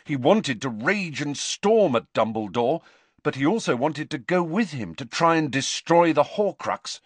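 A man narrating a novel aloud with an expressive, varied delivery. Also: on the high side, a little slow, husky, no room sound. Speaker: audiobook narrator. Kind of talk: scripted narration.

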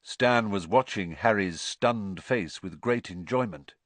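A man narrating an audiobook in an expressive storytelling manner. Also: fairly low pitch, a little slow, no room sound.

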